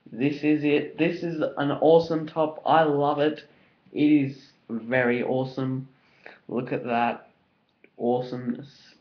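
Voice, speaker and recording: A young Australian man with an Australian accent, chatting casually and enthusiastically through an unboxing video, rambling with lots of fillers. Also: on the high side. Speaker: vlogger. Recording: dull lo-fi home recording.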